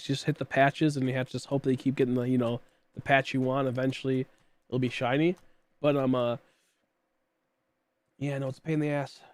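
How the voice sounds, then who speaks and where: A man's voice: medium pitch, no room sound. Coughing young man chatting on stream. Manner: rambling, answers chat, many fillers. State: coughing often, throat tickle. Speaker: livestreamer. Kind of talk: casual stream chat.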